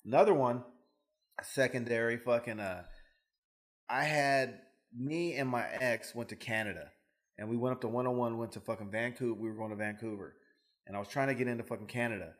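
A man on a casual podcast rattles off stories at a quick clip, cursing all the way. His pitch stays in an ordinary middle range. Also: fairly even intonation. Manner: fast, profane storyteller. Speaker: podcast co-host. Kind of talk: casual chat.

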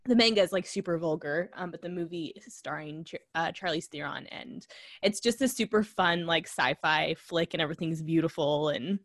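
Woman podcast cohost, lowish voice, rambly and giggly, dry close mic, faint music. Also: moderate pace, a bit bright, dry recording. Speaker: podcast co-host. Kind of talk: casual chat.

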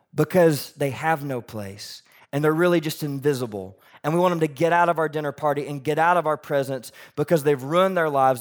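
Preaching with animation and a conversational feel, this pastor's voice sits on the high side. He asks his listeners questions and moves between loud, emphatic moments and near-whispers.

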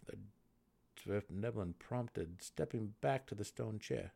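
A man narrating a dramatic fantasy audiobook reading in a measured, dramatic manner. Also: on the low side, creaky, warm tone.

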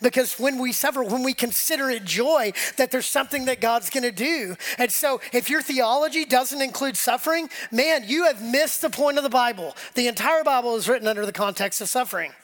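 Man preaching to a congregation; animated, casual, slips into quoted dialogue. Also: very high-pitched, a little fast, few pauses. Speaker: pastor. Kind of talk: conversational sermon. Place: church sanctuary with congregation.

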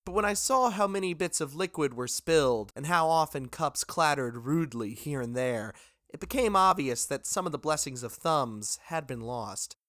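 Man narrating a story, slightly high voice. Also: lively intonation, fairly bright tone, dry recording, studio quality. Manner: measured, literary first-person narration. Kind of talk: reading a story aloud.

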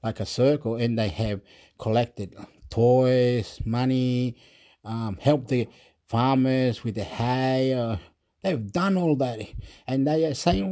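A man's voice: mid-range voice, slow, dark tone. A man ranting in an agitated monologue, swearing and repeating himself.

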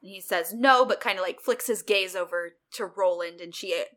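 A woman's voice: medium pitch, moderate pace. A young woman co-hosting a podcast, casually recapping an episode with sarcastic asides and acted-out quotes. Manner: animated, sarcastic, acts out quotes. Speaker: podcast co-host.

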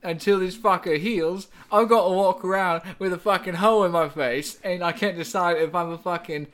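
A man's voice: sits high, fairly even intonation, normal speed, fairly bright tone. A man hosting a podcast in casual chat, telling stories in a crude, profane way. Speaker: podcast host.

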